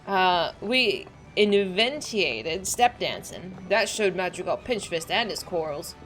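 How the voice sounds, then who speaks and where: A woman's voice: fairly low pitch, lively intonation, slow pace, fairly bright tone. Woman playing a boastful salty pirate sailor. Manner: folksy salty sailor talk. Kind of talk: reading game dialogue aloud.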